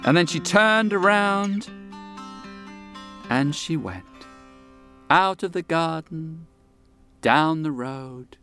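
Male storyteller, high-pitched, very expressive, unhurried with dramatic pauses, folksy, guitar music underneath. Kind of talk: oral storytelling.

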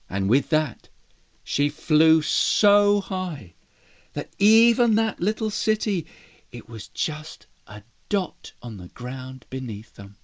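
A storyteller reading a children's tale in a gentle, expressive way. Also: medium pitch, slow pace, no echo, clean studio sound. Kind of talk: bedtime story narration.

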